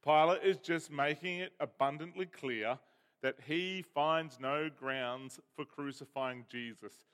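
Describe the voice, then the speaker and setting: Man, sermon, emphatic explaining, fairly high voice, long hall reverb. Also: slow pace, fairly bright tone, clean tone. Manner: explanatory, emphatic, reads scripture aloud. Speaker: preacher.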